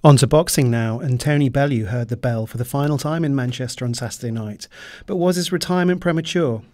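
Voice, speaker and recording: A male news anchor introduces sports stories in a mellow, warm voice at mid pitch, formal and announcing. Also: fairly quick. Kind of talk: scripted news links.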